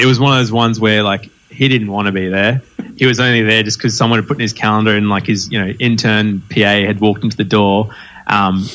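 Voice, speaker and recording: A man hosting a podcast, telling stories in casual chat with lots of fillers and laughter. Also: lowish voice. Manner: animated storytelling with frequent laughs and fillers. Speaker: podcast host.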